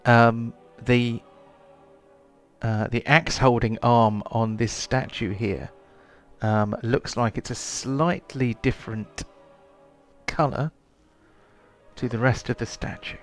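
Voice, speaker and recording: Slow, halting male game master. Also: medium pitch, fairly even intonation, faint music behind. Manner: hesitant, lots of ums and restarts. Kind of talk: narrating a tabletop game.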